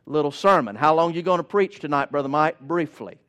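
A man's voice: on the high side, fairly quick, a bit bright. A male preacher delivering a sermon in an emphatic, rhythmic cadence with touches of folksy humor.

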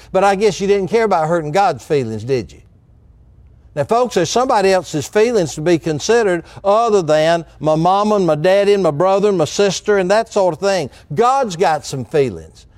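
A man's voice: on the high side, a little mellow, dry recording. Folksy preacher man, dry sound. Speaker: pastor. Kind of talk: sermon.

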